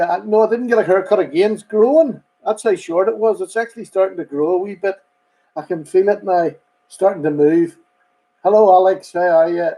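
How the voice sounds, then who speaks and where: A man's voice: high-pitched, mellow, poor audio. A man hosting a casual live stream, rambling chattily and greeting viewers by name. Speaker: host.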